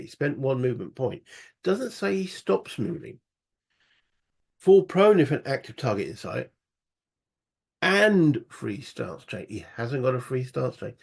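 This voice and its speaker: A man's voice: mid-range voice, vocal fry, darkish tone, breathy edge. A man playing a solo board game, muttering rule passages aloud and thinking through each move. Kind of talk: casual solo wargame playthrough.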